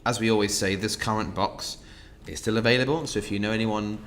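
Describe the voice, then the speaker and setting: A man's voice: on the low side, steady tone, fairly quick, a bit bright, slight background noise. A man hosting an online wine tasting, chatting casually and laughing often at his own jokes.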